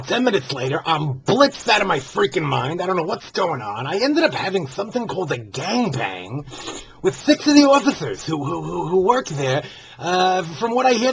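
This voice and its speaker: Guy doing a big flamboyant older jewish lady host, high voice swooping all over, gushes fabulous. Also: a little hiss or hum. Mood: gossipy. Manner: flamboyant, theatrical, keeps gushing "fabulous". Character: brassy, gossipy older Jewish woman show host. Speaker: host of a comedy show segment. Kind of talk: comedic character monologue.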